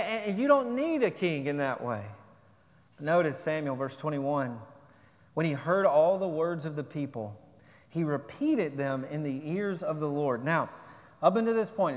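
A man preaching a sermon as pastor, earnest and emphatic, often repeating words as he presses a point. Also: high-pitched. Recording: long hall reverb.

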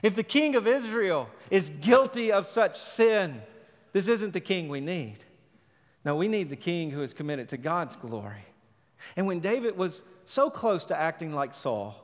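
A male pastor preaching a sermon in emphatic, short, punchy phrases. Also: sits high. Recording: long hall reverb.

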